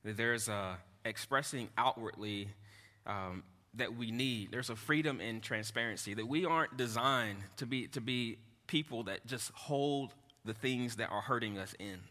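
Earnest male pastor with a bright voice. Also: mid-range voice. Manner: earnest, halting, with repeated restarts and asides to the congregation. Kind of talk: sermon. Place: church hall. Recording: echoey hall.

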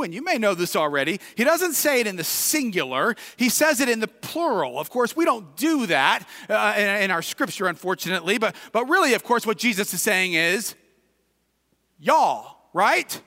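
High, bright-voiced Midwestern pastor preaching. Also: male voice, big pitch swings, moderate pace, few pauses. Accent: Midwestern American. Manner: builds from quiet reflection to shouted emphasis. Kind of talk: sermon. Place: church sanctuary. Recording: reverberant hall, distant at times.

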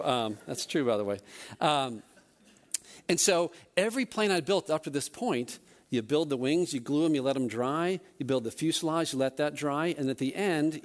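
A man, a church elder, telling a personal story during a service in a self-deprecating, animated way. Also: a little high.

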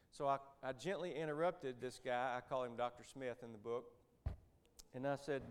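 A man's voice: medium pitch, moderate pace, clear, resonant tone. Lay speaker, man, fifties, folksy storyteller with dry humor. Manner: conversational, folksy, with joking asides. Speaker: Christian businessman speaker. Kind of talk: storytelling church talk.

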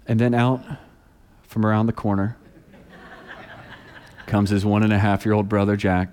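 A pastor in his thirties tells stories during a sermon, giving the people he quotes their own animated voices. His voice sits on the low side, moving at a normal speed with frequent pauses. The tone is clean, and the sound carries the feel of a large hall.

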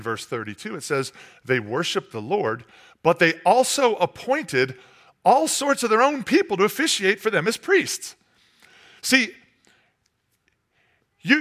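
A man preaching a sermon as a pastor, conversational and storytelling, with playful asides. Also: sits high. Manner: lively storytelling with playful character voices; conversational, uses fillers like "like" and "you know".

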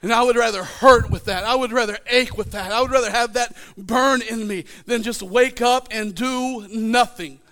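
A man preaching a sermon in church, building to shouted fervor. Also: very high-pitched, normal speed, hardly any pauses. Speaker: pastor.

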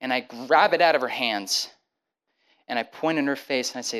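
A young man sharing a personal testimony, storytelling with lively acted-out dialogue and frequent quick restarts. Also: medium pitch, poor audio. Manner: animated, acts out the dialogue with many quick restarts.

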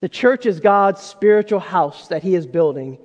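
A man's voice: high voice, animated, moderate pace, a little mellow, highs cut off. A man preaching a sermon as pastor, talking conversationally and addressing the congregation with asides. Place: church sanctuary. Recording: long hall reverb.

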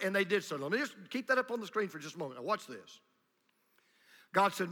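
A man preaching a sermon as pastor, swinging from hushed asides to loud, emphatic declarations. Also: sits high, lively intonation, a little fast. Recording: long reverb of a large hall.

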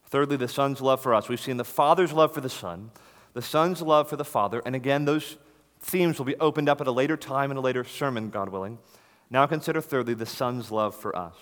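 A man's voice: medium pitch, brisk. Male preacher, mid-range voice, earnest and emphatic, sermon recorded in a big reverberant church hall. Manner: earnest, emphatic, rises to stress key words. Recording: long reverb of a large hall.

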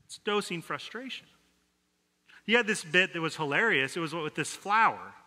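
A man's voice: high voice, expressive, moderate pace, bright, forceful tone. A man, giving a conversational sermon full of stories and self-deprecating jokes. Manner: storytelling, self-deprecating humor. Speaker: pastor. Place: church sanctuary. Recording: long hall reverb.

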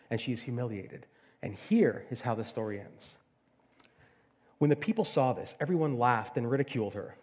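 A middle-aged man preaching a sermon, retelling a fairy tale in a lively storytelling manner before drawing out the lesson. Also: mid-range voice. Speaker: pastor.

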